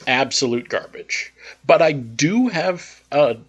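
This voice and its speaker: A man casually telling a personal story over gameplay, in a relaxed, rambling way. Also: fairly high pitch, slow, husky, faint music behind. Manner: relaxed, rambling anecdotal delivery. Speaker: gaming channel host.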